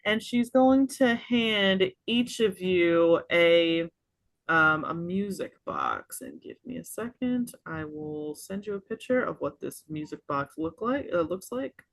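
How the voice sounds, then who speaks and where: Woman dm narrating slow, lots of uhs, lowish voice, dry close mic. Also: sing-song, no room sound. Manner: unhurried, many fillers. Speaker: game master. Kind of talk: narrating a tabletop game.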